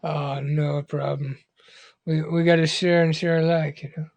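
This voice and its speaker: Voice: mid-range voice, flat delivery, a little slow, gravelly, darkish tone, dull audio. A co-host on a livestream reading out viewer comments and chatting casually. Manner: laid-back, reads viewer comments aloud. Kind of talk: casual chat.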